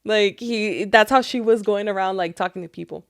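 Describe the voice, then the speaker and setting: A woman co-hosting a casual podcast at a middling pitch. She retells a story in a loose, rambling way, full of fillers, restarts and swearing. Her voice sounds dry and close. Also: moderate pace, dry recording. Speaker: podcast co-host. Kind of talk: casual chat.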